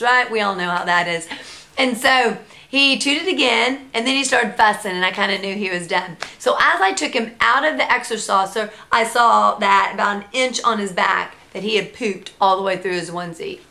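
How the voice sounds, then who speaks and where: Bright, gravelly-voiced mom telling a story. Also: female voice, medium pitch, normal speed. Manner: animated, breaks into sing-song baby talk. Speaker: mom vlogger, founder of a parenting blog. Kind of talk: casual storytelling vlog.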